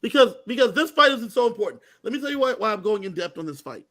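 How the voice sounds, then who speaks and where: A man co-hosting a casual recap chat, telling the story with animated energy. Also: very high voice, fast. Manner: animated storytelling, acting out quoted lines. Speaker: co-host.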